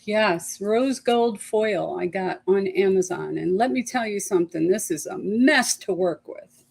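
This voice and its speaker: A woman's voice: mid-range voice, unhurried, gravelly, a little mellow, breathy edge. A woman co-hosting a craft chat, talking through her work and giving tips as she goes. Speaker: craft show co-host. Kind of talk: casual chat while crafting.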